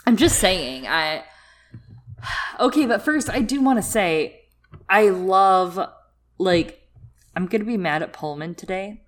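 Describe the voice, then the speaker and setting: A woman's voice: medium pitch, animated, takes it slowly, long pauses. A young woman co-hosting a podcast, chatting animatedly about a book with lots of filler words. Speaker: podcast co-host. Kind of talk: casual book discussion.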